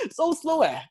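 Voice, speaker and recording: Singaporean guy vlogging a travel mishap, excitable and chatty, keeps asking the viewers stuff. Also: very high voice. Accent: Singaporean English. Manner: excitable, chatty, asks viewers questions, frequent laughs and restarts. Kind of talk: animated personal storytelling to camera.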